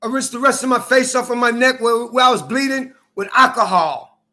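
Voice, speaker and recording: A man's voice: very high voice, fairly quick, bright, forceful tone. A man from Minnesota delivering an angry, accusing personal rant, profane and repetitive. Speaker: vlogger.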